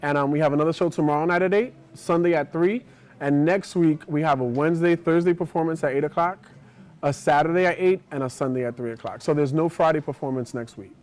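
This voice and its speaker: A man being interviewed on a television talk show as a theater performer, with a relaxed, agreeable manner. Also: fairly high pitch, fast. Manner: relaxed, agreeable, often says mm-hmm. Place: television studio.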